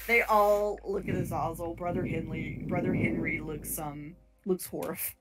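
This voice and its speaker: Female game master, lower voice, descriptive narration with hesitations, faint music under it. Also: fairly even intonation, normal speed, few pauses. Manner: descriptive, with fillers and restarts. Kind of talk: narrating a tabletop horror game.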